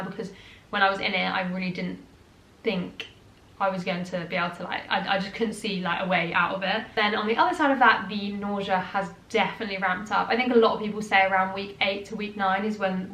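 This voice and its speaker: A woman's voice: mid-range voice, level tone, a little fast, a bit bright. A young British woman chatting casually in a vlog, a little out of breath, with lots of fillers and restarts. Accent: British English. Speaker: vlogger. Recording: roomy echo, faint noise.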